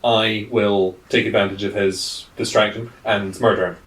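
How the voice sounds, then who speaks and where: Dry low-voiced man, far from the mic. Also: little pitch movement, normal speed, a bit bright. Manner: dry, wry remarks. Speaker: player. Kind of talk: tabletop game play. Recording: roomy, set back from the mic.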